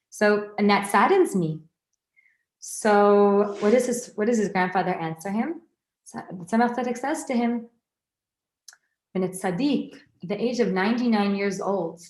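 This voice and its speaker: A woman giving an informal Torah class, lively and conversational, often restarting her sentences and adding asides to her listeners. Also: medium pitch. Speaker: Torah teacher. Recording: roomy echoey recording.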